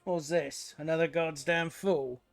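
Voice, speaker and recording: A man voicing a swaggering, brutish pirate marauder chief with a rough, threatening growl. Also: a little high, steady tone, unhurried, faint music behind. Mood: boastful.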